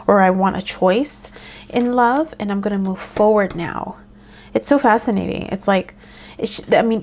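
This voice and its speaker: A woman giving a casual tarot reading, talking in a meandering way with frequent ums and soft laughs. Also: mid-range voice, creaky, a little hiss or hum. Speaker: tarot reader.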